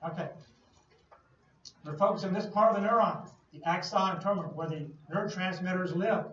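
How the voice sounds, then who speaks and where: A man's voice: sits high, moderate pace, a bit bright. A man giving a classroom lecture, explaining with playful everyday analogies and questions to the class. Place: lecture hall. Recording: distant, echoey lo-fi classroom recording.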